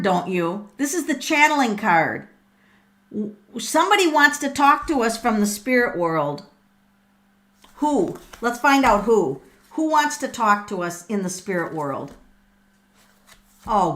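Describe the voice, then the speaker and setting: A middle-aged woman hosting a live tarot reading, excitable and thinking aloud with frequent ums and repeated words. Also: high-pitched. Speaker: tarot reader and livestream host.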